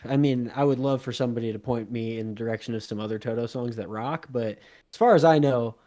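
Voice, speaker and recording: Man, young adult, podcast co-host, casual banter, excitable, laughs often. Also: mid-range voice, fast talker. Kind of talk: casual chat.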